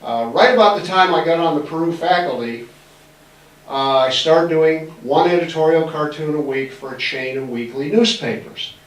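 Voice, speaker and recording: A man's voice: a little high, moderate pace. A man in his sixties from Massachusetts, giving a folksy, joking storytelling talk in a library auditorium and acting out the voices of people he quotes. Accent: faint Massachusetts. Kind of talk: storytelling lecture. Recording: roomy hall, distant mic.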